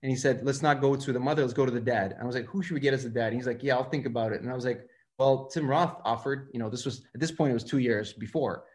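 A man talks quickly through his stories in a casual interview. He acts out the people he quotes as he goes. His pitch sits in the middle range for a man. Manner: fast, animated, acts out quoted dialogue. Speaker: film director, guest.

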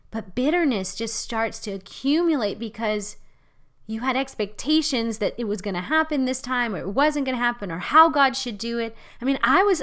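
A middle-aged woman leading a ministry, teaching in an impassioned, conversational sermon style that swings between loud and hushed. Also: fairly high pitch. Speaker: ministry leader.

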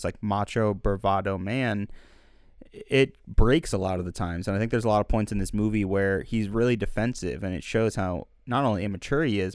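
Young man, podcast co-host, reflective casual chat, low pitch. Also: darkish tone, no room sound, studio quality. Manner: thoughtful, reflective, long winding sentences. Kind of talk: casual film discussion.

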